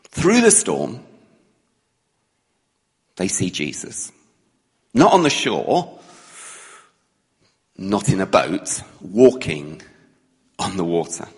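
A man's voice: lowish voice, husky. A man preaching in a storytelling manner, who acts out the characters' lines as he retells the story. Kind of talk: sermon storytelling. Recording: long hall reverb.

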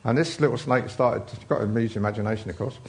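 Gravelly preacher, chatty. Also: male voice, medium pitch, quick pace, slight background noise. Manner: chatty, rambling, with many fillers and asides. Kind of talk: informal sermon.

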